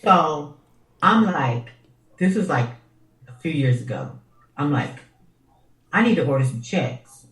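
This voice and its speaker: A woman co-hosting a podcast in casual chat, chatty and quick with asides as she tells her own story. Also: low-pitched, animated, reverberant, recorded from a distance, low-quality recording. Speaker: podcast co-host.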